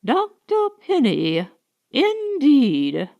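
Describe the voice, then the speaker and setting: A stern, weary older mother-in-law speaks in a raised, strained voice, as a woman reading a storybook puts her on. Her pitch leaps high and swings widely, and she drags her words out slowly. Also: big pitch swings, a little mellow, dull audio, exaggerated voice. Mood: scornful.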